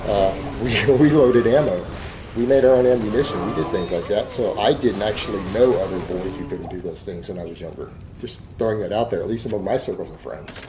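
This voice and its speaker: A man's voice: on the low side, fairly quick. A Texan man rambling bluntly and defiantly in a casual vlog monologue while he works at a hobby. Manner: blunt, defiant, talks while hand-loading ammo. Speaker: vlogger. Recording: steady background noise.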